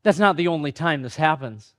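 A man's voice: a little high, animated, fairly quick, fairly bright tone. A man preaching a sermon in a conversational, self-deprecating way, acting out the voices of the people he quotes. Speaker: pastor.

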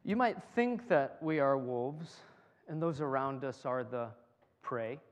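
A man preaching a sermon to a congregation in a lively, joking way, often repeating his words as he builds a point. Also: medium pitch, slow pace, smooth. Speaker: pastor. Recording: long hall reverb.

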